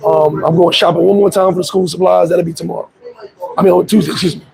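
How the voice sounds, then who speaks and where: A hoarse man hosting a casual live chat, laid-back, shouting out viewers by name. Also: high-pitched, steady tone, quick pace, rough recording. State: hoarse, voice worn out. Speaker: livestream host.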